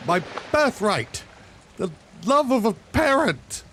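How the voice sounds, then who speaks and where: A man's voice: sing-song, slow, a bit bright, a little hiss or hum, heavily acted. A man playing a desperate, pleading young nobleman. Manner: pleading, high-strung. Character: desperate young nobleman craving his mother's love.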